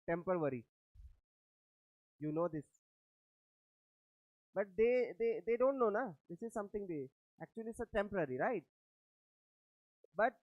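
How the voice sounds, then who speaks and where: A male lecturer with an Indian English accent explains points step by step, often asking his class whether they understand. His voice sits a little high. The recording is dry and tinny, close to a phone line. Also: no room sound.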